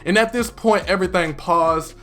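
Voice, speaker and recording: A man casually recapping a TV episode in an excitable, chatty way with lots of fillers. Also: high-pitched, moderate pace, faint music behind.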